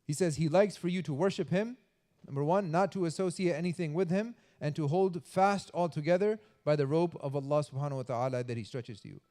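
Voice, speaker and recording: A man's voice: on the high side, dark tone, in a large hall. A man giving a conversational sermon at a mosque, acting out gossiping voices with a lot of fillers. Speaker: mosque speaker. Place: mosque hall.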